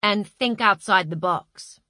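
A woman's voice: medium pitch, slow pace, pushed and bright, dry recording. A woman voicing a confident woman who speaks in assertive corporate jargon. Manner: poised, assertive, jargon-heavy.

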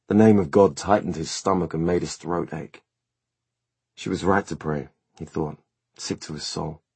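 A man narrating an audiobook in a measured, steady storytelling manner. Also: low-pitched, gravelly, breathy edge, no room sound. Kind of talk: scripted narration.

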